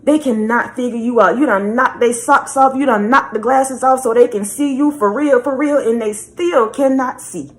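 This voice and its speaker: A woman's voice: a little high, normal speed, hardly any pauses. A woman giving a spiritual message reading in a repetitive, preachy way, often calling the listener baby. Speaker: spiritual reader.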